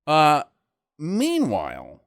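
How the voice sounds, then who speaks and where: A man's voice: on the high side, huge pitch swings, extremely slow, vocal fry, fairly bright tone, no room sound, clean studio sound. Sarcastic man recapping a movie. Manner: sarcastic, swears a lot, acts out the characters' lines in big exaggerated voices. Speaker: podcast co-host. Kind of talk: casual movie-recap chat.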